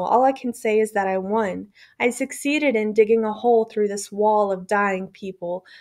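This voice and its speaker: A woman reading a memoir aloud in a measured, somber way. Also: mid-range voice. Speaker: audiobook reader.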